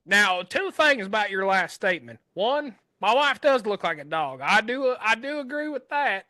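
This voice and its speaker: Picture a brash southern country boy, as a man puts him on in an improv sketch, with a thick fake Southern drawl and a boastful, indignant streak. His voice is high and bright, recorded close and dry. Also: big pitch swings, normal speed, no echo, heavily acted. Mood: indignant, folksy. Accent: put-on American Southern.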